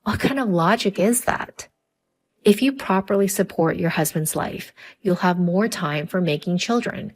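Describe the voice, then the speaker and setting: Mean nagging mother-in-law, cutting and bossy, woman voicing her, lowish voice. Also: unhurried. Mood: harsh. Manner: cutting, demanding. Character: harsh nagging middle-aged mother-in-law.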